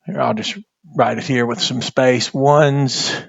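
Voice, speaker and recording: A man teaching a Bible language class, speaking haltingly and repeating words as he writes on a board. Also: medium pitch, steady tone, gravelly, fairly bright tone, no room sound, dull audio. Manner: slow, halting, repeats words while writing. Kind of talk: classroom lesson at a whiteboard.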